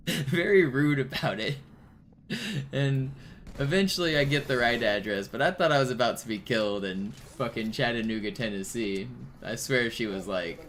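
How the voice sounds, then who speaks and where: Young male streamer: casual, profane, low voice, noisy mix. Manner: rambling, profane, filler-heavy storytelling. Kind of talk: casual gaming stream chat. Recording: steady background noise.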